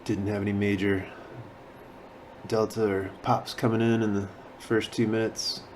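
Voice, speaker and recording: A man's voice: fairly low pitch, level tone, measured pace, a little hiss or hum. A man talking casually through his trading session, sounding sleepy as though he just woke up. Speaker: day trader. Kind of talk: casual trading commentary and voice-over.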